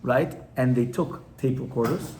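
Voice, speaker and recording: A man's voice: mid-range voice, moderate pace, noisy background. A man, a rabbi, teaching an informal class to a live audience in a conversational way, often stopping to ask his listeners questions.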